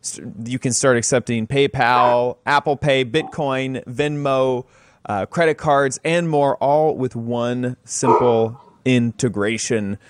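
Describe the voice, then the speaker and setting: A man's voice: medium pitch, fairly even intonation, takes it slowly, background noise. A man hosting a casual podcast, talking with many fillers and restarts and reading an ad for the show. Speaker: podcast host. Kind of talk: casual podcast chat with read ad.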